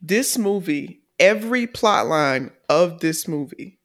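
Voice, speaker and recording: A woman's voice: on the low side, animated, slow pace. A woman co-hosting a film review podcast, chatting casually in loose slang and laughing often. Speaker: podcast co-host.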